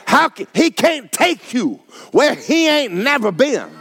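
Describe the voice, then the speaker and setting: A man preaching, his fairly high voice swooping up and down as he hammers phrases home. He sounds middle-aged, folksy and emphatic from the pulpit. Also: big pitch swings, slow pace, gravelly, a bit bright, slight background noise. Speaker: pastor. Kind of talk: sermon.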